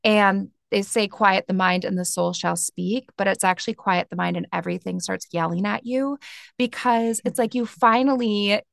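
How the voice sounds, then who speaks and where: A woman in her thirties, a meditation teacher, talking gently and reflectively as a podcast guest. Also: mid-range voice, normal speed, gravelly, no echo, clean studio sound. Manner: gentle, reflective, with soft laughs and filler words. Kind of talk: casual podcast conversation.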